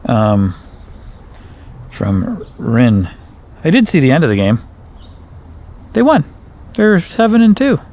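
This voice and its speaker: A man from Wisconsin chatting casually to camera outdoors in his backyard, rambling and correcting himself, often jumping up in pitch for emphasis. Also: very animated, slow, pauses often, darkish tone. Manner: rambling, self-correcting, playful, with big jumps up in pitch. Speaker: YouTuber. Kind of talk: casual vlog chat.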